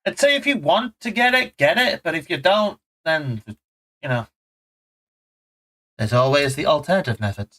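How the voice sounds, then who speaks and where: Guy streaming a chill game, rambly and jokey, voice jumps all over, kinda high. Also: animated, normal speed, pauses often, sharp tone, rough recording. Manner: rambling, playful and self-mocking. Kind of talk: casual gameplay commentary.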